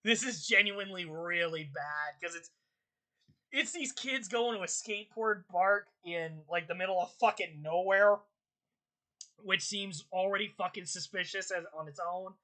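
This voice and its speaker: A young woman hosts her channel in a loose, ranting commentary. Her bright, sharp voice carries constant exasperation and swearing, leaping high when she gets worked up. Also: measured pace. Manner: exasperated, swearing, rants with high-pitched outbursts. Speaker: channel host.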